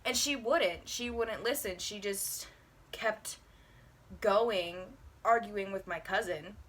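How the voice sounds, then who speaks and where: Bright-voiced young woman telling a story. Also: mid-range voice, slow pace. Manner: profane, animated storytelling. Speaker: vlogger. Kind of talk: casual storytime. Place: bedroom at home. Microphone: handheld camera.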